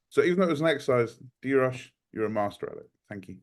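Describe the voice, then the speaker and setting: A man's voice: medium pitch, lively intonation, fast talker, few pauses. A British man sharing advice on a video call, talking animatedly with many ums and likes. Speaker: community member sharing advice. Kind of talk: casual video call chat.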